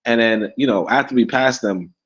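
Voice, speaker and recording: A man's voice: medium pitch, normal speed, fairly bright tone, muffled recording. A Caribbean-born man co-hosting a casual podcast livestream, rambling, repeating words and chuckling as he talks. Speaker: podcast co-host. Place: abroad in Africa.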